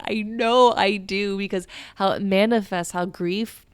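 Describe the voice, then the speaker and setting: A woman's voice: medium pitch, steady tone, measured pace, clear, resonant tone, dry recording. A young woman hosting a podcast, talking in a whispered role-play style, candid and emotional and swearing freely. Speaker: podcast host. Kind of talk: soft-spoken personal reflection.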